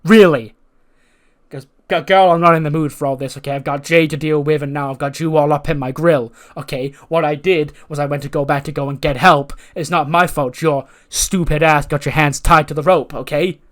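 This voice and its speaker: Dude voicing a sassy woman champ, kinda high, brushes everyone off. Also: fairly even intonation, brisk, hardly any pauses, a bit bright, natural voice. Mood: dismissive. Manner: sassy, dismissive. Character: brash sassy female wrestling champion.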